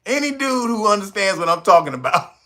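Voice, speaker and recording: A man's voice: sits high, bright, forceful tone, slight background noise. A man hosting his own channel, talking in a casual, comedic, profane way and breaking into laughter between lines. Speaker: channel host. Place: California.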